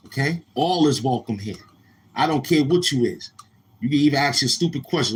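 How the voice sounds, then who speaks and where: A man hosting a casual livestream, talking in a loose, streetwise way. He says he is a little tired, and he sometimes gets loud and animated. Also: medium pitch, fairly quick, breathy edge. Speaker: livestream host. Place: outdoors near a street, car noise heard.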